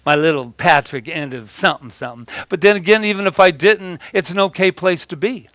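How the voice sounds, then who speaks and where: A male preacher delivers a rambling sermon, often doubling back on his words. His voice sits a little high for a man. The sound is dry and close, with no room echo. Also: brisk, fairly bright tone. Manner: rambling, with many restarts and repeated words. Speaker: pastor.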